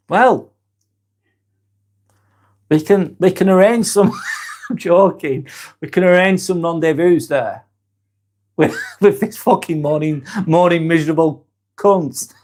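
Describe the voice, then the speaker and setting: A man hosting a live vlog, chatting casually and reading out viewer comments, frank and blunt with plenty of swearing. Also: a little high.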